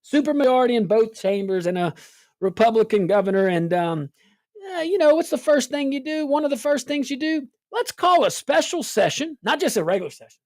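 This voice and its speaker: A woman's voice: a little high, animated, fairly quick, darkish tone, dry recording, studio quality. A woman hosting a political talk show, sarcastic and full of rhetorical questions. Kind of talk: casual political commentary.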